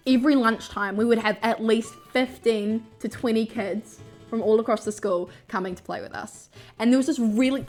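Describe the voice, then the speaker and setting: Young woman, storytime vlog, animated, laughs and swears a lot, slightly high voice, faint music under it. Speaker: vlogger.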